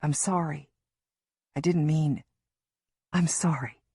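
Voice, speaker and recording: A woman's voice: low voice, steady tone, slow, husky, no room sound, studio quality, full character voice. A woman narrator voicing a male police officer who speaks firmly and reassuringly. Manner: firm, reassuring, quietly urgent. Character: tense, steady male police officer, family friend.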